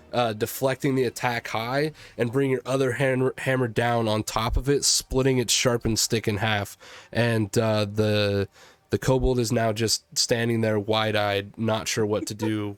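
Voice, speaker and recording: Halting male game master, dry sound. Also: medium pitch, little pitch movement, dry recording. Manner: halting, full of ums and restarts. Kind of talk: narrating a tabletop game.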